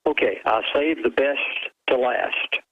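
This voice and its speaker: A man's voice: mid-range voice, measured pace, slightly rough, dry recording, narrow, tinny audio. A man who is a guest on a call-in radio show, speaking urgently and dramatically while quoting a source word for word.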